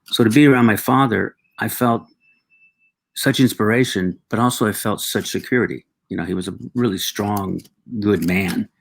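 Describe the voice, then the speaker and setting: Middle-aged male guest, reflective storyteller, husky and gravelly delivery. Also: lowish voice. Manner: reflective, halting, with frequent restarts and acted quotes.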